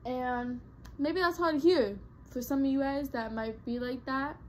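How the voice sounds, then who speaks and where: A woman's voice: sits high, unhurried, darkish tone, slight background noise, low-quality recording. A young adult woman vlogging casual advice straight to her viewers, earnest and emphatic, often repeating herself for weight. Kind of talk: casual advice talk to camera.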